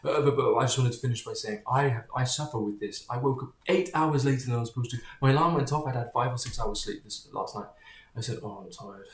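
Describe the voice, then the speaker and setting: A man's voice: mid-range voice, quick pace. A man talking casually to camera in a digressive, rambling way, often drifting off topic, blunt and sometimes profane. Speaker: vlogger. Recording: echoey room.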